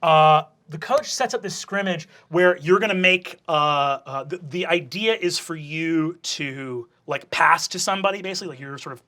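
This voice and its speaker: A man's voice: fairly high pitch, normal speed, hardly any pauses, sharp tone. A young man narrating a tabletop game as game master, casual and full of fillers and swearing.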